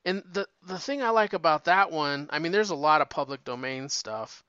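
A man chatting casually and rambling, swearing freely and often restarting his sentences. His voice is bright, clear, and slightly high. The recording is dull and lo-fi, and it sounds dry. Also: animated, normal speed, no room sound. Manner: rambling, profane, frequent restarts. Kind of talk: casual chat.

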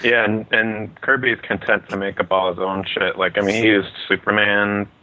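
A man's voice: lowish voice, little pitch movement, moderate pace, sharp tone. A man co-hosting a podcast, summarizing in a laid-back, self-deprecating casual chat. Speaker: podcast co-host. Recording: tinny phone line.

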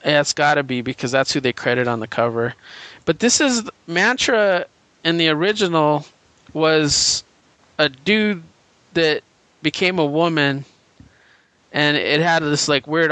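A man's voice: a little high, a little slow, sharp tone, dry recording. A man co-hosting a casual podcast, retelling comic stories in a rambling, enthusiastic way with many fillers. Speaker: podcast co-host. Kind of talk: casual comic book chat.

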